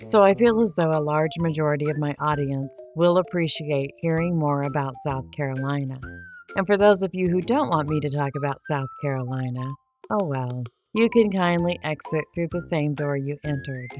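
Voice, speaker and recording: A woman's voice: low voice, normal speed, darkish tone, soft background music. A woman hosting a true crime podcast, talking in a sarcastic, defiant monologue. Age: adult, married. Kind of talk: monologue to camera.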